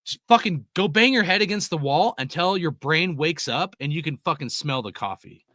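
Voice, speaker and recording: A man's voice: a little high, lively intonation, moderate pace, pushed and bright, dry recording, studio quality. A young man hosting a live sports podcast, ranting heatedly and swearing constantly while he reads out chat messages. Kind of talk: profane casual sports rant.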